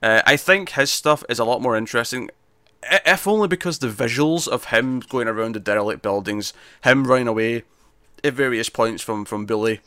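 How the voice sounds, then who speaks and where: Bright-voiced man talking film. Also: medium pitch, fairly quick, no room sound. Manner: hesitant, with frequent restarts and fillers. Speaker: film reviewer. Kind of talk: casual film discussion.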